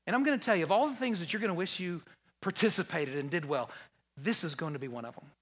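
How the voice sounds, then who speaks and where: A man preaching a conversational, joking sermon, full of restarts and repeated words, and going low and quiet when he quotes Jesus. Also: lively intonation, fast. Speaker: pastor. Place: large church hall. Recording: long hall reverb.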